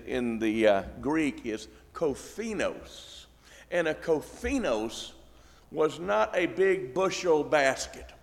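A man's voice: mid-range voice, creaky, big-room sound. A male pastor preaching a sermon, telling the story with folksy, joking asides.

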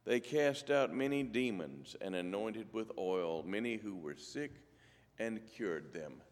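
Brief: man at a church lectern, unhurried scripture reading with dry wit, voice in the middle range, long hall echo. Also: fairly low pitch, expressive. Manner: slow, measured, dry humor. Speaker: lay church speaker.

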